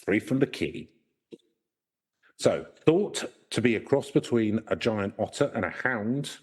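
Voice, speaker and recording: A man co-hosts a casual podcast in a fairly low voice. He reads folklore notes aloud, breaking off into jokes and halting restarts. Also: darkish tone, breathy edge. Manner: joking, with halting restarts around the script. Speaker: podcast co-host.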